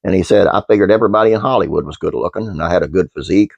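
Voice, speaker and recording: Deep, gravelly man reading trivia. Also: rapid-fire, dry recording, highs cut off. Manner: reads aloud with fillers and restarts. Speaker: channel host. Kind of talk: reading a trivia script, then casual chat.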